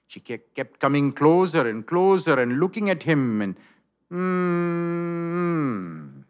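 A man's voice: mid-range voice, very animated, takes it slowly, pauses often. A male pastor preaching a sermon in a church, telling a story dramatically.

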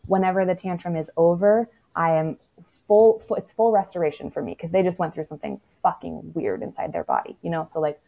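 A woman's voice: on the low side, fairly quick, vocal fry, warm tone. A woman speaking as a toddler-parenting expert in a casual podcast conversation, frank and matter-of-fact, with lots of "like" and the odd swear word.

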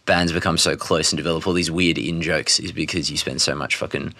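A man's voice: very deep voice, fairly even intonation, fairly quick, bright, forceful tone, no room sound. A man, chatting casually as a musician guest, rambling and swearing with lots of fillers. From Australia. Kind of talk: casual podcast chat.

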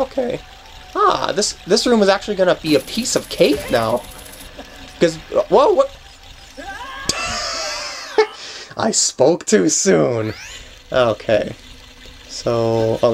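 A man's voice: medium pitch, gravelly, slight background noise. Chatty man thinking aloud over gameplay. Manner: thinks aloud with frequent restarts and chuckles. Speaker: let's play host. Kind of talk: casual gameplay commentary.

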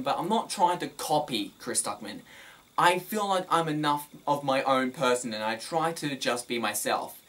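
Energetic man vlogging from his bedroom. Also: on the high side. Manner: energetic, emphasizes words. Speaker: film review vlogger. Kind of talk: casual advice vlog.

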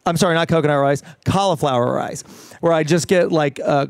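A middle-aged man chatting as an interview guest, eager and animated, often restarting his sentences. His voice sits a little high. The sound is dry and close. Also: quick pace, clear, resonant tone, dry recording. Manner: enthusiastic, animated, many fillers and restarts. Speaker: fitness trainer guest. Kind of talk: casual interview chat.

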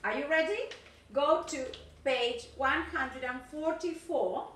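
A woman's voice: high voice, slow, a bit bright, slight background noise. A middle-aged woman teaching an English video lesson, chatty and encouraging, with frequent "okay" and "yes". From Argentina. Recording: echoey room, distant mic.

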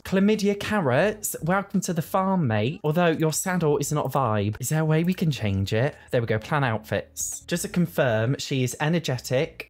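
A man giving excitable, dramatic let's play commentary, cheeky and quick to laugh and swear. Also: fairly high pitch. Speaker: gaming video creator.

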